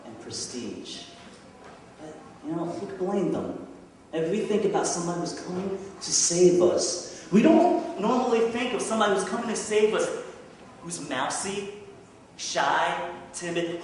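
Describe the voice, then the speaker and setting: In a church sanctuary, a male pastor with a fairly high voice delivers a conversational sermon, frequently posing questions to the congregation. The recording picks him up from a distance in an echoey hall, with a slight hiss or hum.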